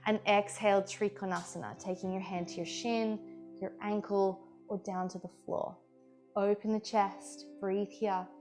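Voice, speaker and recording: A woman leads a flowing yoga class, calling out each breath and pose in a calm, encouraging voice. Her pitch sits in the middle range, and soft music plays faintly behind her. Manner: calm, encouraging cueing with playful asides. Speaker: yoga teacher. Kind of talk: guided yoga class instruction.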